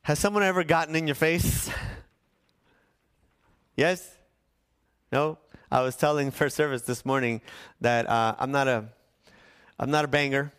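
A man from Southern California, a pastor preaching a sermon and telling a story with lively, shifting pace. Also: a little high, clean tone. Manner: animated storytelling, shifts between fast and slow.

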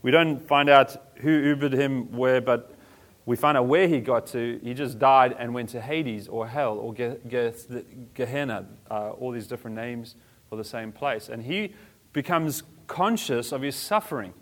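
A man's voice: medium pitch, measured pace. Man preaching in a casual, chatty way. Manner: conversational, casual preaching with slang. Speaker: pastor. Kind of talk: sermon.

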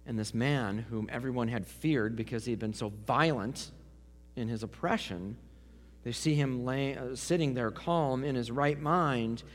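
A man's voice: mid-range voice, measured pace. Preacher man in a reverberant hall. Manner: dramatic swings from loud to hushed. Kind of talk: sermon.

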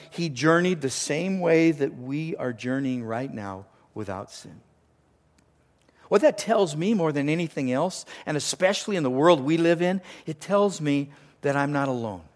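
A man preaching a sermon, earnest, repeating phrases for emphasis and sometimes dropping almost to a whisper. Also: on the high side. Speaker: pastor.

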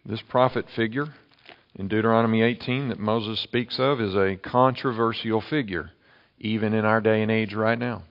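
A man preaching a sermon, emphatic, with sharp swings between loud and quiet. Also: on the low side, fairly even intonation, moderate pace, highs cut off. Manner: emphatic preaching with dramatic shifts in loudness. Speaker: pastor.

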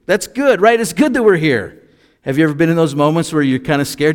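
A man with a fairly high voice preaches a sermon, reading scripture and then unpacking it in an easygoing, conversational way. His words ring out with a long reverb, as though spoken in a big sanctuary. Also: lively intonation, fairly quick. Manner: conversational, reads scripture then explains it with asides. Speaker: pastor.

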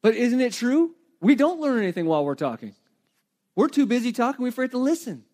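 A middle-aged man preaching a sermon in a conversational, animated way, with asides and light humor. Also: extremely high pitch, brisk. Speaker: pastor.

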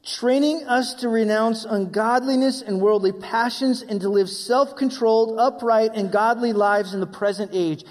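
A man's voice: high-pitched, moderate pace, hardly any pauses, darkish tone. A man preaching a sermon as pastor, voicing his listeners' questions and closing in prayer. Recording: long reverb of a hall.

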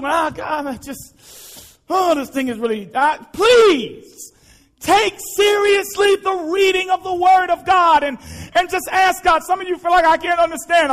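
Delivering a sermon, this pastor speaks in a very high voice, repeating himself with great passion and often shouting out to the congregation.

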